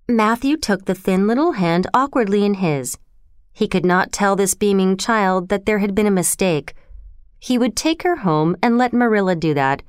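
A woman reads a classic children's story aloud in an even, measured storytelling voice. Her tone is smooth and clear, recorded close and dry with no room sound. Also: medium pitch, no echo. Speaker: narrator. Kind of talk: storybook narration.

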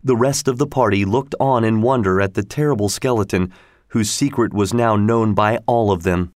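A man's voice: fairly low pitch, no echo. Man reading a storybook, dry and close. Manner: steady, measured reading. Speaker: narrator. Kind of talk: storybook narration.

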